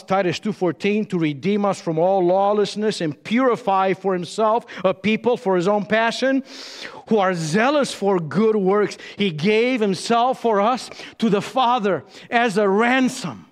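A man preaching a sermon as pastor, with dramatic pauses and emphatic rises and drops. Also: high-pitched, big-room sound.

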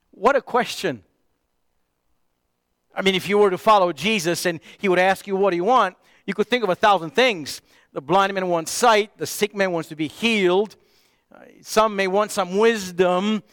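High-voiced pastor preaching with passion. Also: male voice, clean tone, no echo, studio quality. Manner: impassioned, drops to a hush for emphasis. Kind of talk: sermon.

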